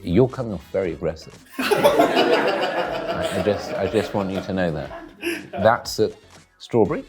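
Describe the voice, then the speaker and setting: A man giving deadpan, dry, wordy commentary while tasting food in a studio. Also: fairly low pitch, measured pace, long pauses, loud music behind the voice. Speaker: guest taste-testing food.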